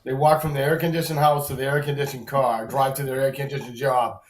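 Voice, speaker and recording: A man's voice: medium pitch, flat delivery, a little fast. A man chiming in with sarcastic jokes during a casual chat on a live stream. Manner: sarcastic, joking interjections. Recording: roomy, off-mic sound.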